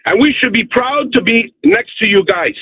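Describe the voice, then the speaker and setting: A high-pitched man with a gravelly, husky edge calls in to a radio show from Canada. He talks with hammering emphasis and keeps tacking on "okay?" The line is tinny and dry, like a phone call. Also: animated, normal speed, dry recording. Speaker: caller. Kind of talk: phone-in rant.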